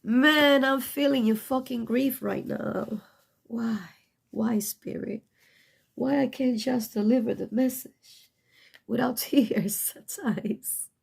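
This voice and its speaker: A woman's voice: fairly high pitch, fairly even intonation, slow pace, gravelly, dark tone, breathy edge. A middle-aged woman giving a casual tarot reading, blunt and profane, emotional and choking up at times, with non-native English phrasing. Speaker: tarot reader.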